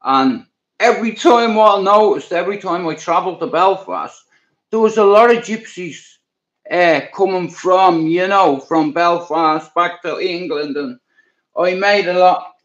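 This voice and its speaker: A man's voice: high-pitched, unhurried, fairly bright tone. A man with a Dublin accent, telling stories as a guest in a rambling, blunt way and swearing freely. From Dublin, Ireland. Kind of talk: casual storytelling. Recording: dull lo-fi sound.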